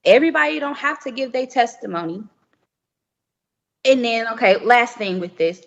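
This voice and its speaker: A woman's voice: on the high side, normal speed, gravelly. A young woman talking candidly and emphatically in a casual chat, often laughing. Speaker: podcast guest. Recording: muffled remote audio with long reverb.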